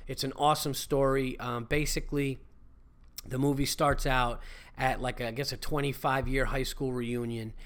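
Male comic hosting his own podcast; loose, excitable, foul-mouthed rambling at an average pitch. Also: normal speed. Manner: animated, profane, rambling. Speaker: podcast host and stand-up comedian. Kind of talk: casual podcast monologue.

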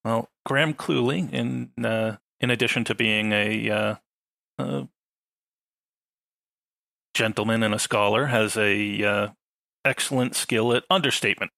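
A man with a crisp, bright voice and a gravelly undertone. He explains things at a measured pace in a casual podcast discussion. His dry humor comes through now and then, and the recording sounds dry and close to the mic. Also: fairly low pitch, no echo. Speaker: podcast panelist.

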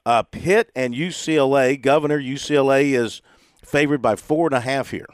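A man's voice: medium pitch, moderate pace, dry recording. A man hosts a sports radio segment in a jovial, teasing way, often chuckling as he reads out the betting lines. His voice sits in an ordinary middle register. It's recorded close and dry in a studio. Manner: jovial, laughs often while reading spreads. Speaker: radio sports show host. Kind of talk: casual radio chat.

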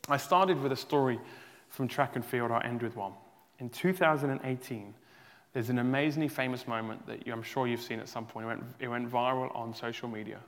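A male pastor preaching a sermon in a church hall, earnest and emphatic, rising to loud peaks and sometimes stumbling over his words. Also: mid-range voice, fairly quick. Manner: restarts and stumbles, emotional. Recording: long hall reverb.

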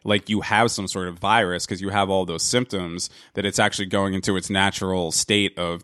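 Host, male, lowish voice, dry close sound, casual curious interviewer. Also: steady tone, brisk, hardly any pauses, a bit bright, smooth, dry recording. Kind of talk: casual conversation.

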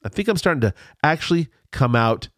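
A man's voice: a little high, animated, brisk, fairly bright tone, no room sound, studio quality. A middle-aged man telling a rambling story in casual chat, full of restarts and asides.

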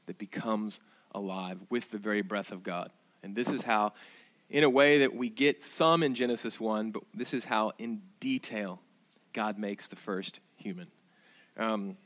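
A man preaching a sermon as pastor, earnest and direct with his listeners, rising to emphatic bursts and dropping to hushed, reverent low tones. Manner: addresses listeners directly with asides and questions.

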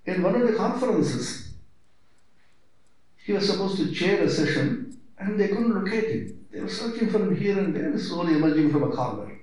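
Male spiritual teacher, emphatic lecture, heavy hall echo. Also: normal speed. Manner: emphatic, rhetorical questions, lively swings in pitch. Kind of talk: spiritual discourse. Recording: very echoey hall.

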